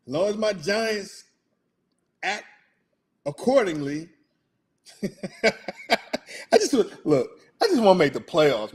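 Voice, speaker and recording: A middle-aged man hosting his own show, signing off in a loose, rambling way, chuckling often, his throat going out. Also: fairly high pitch. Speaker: podcast host. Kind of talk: casual show sign-off.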